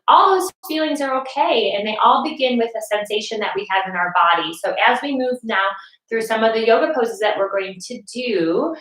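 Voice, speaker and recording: A woman's voice: on the high side, fairly bright tone, reverberant, poor audio. A woman leading a family yoga class from her couch at home, talking to children in a patient, encouraging way. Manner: patient, encouraging, speaks to kids.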